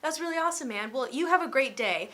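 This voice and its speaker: A woman impersonating a relaxed, friendly young male pop star in casual dude-speak. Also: high voice, fast talker, pitched above the performer's own voice. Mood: laid-back.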